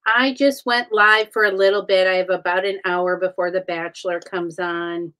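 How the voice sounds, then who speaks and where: A woman's voice: fairly low pitch, steady tone, moderate pace, sharp tone. A woman hosting a casual live stream, chatting with viewers and greeting them by name while she builds. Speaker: live-stream host building brick sets.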